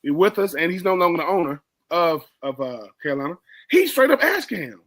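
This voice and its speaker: A man's voice: a little high, sing-song, fairly quick, fairly bright tone. A man co-hosting a sports radio show, giving emphatic analysis, repeating words for stress and talking straight to his partner. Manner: talks straight to his co-host.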